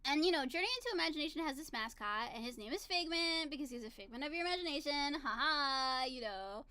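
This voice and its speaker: A woman's voice: sits high, animated, quick pace, bright, forceful tone, no echo. A woman in her thirties chatting casually to camera, telling a story in a bubbly, giggly, gushing way. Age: 30s. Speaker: vlogger. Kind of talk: casual chat.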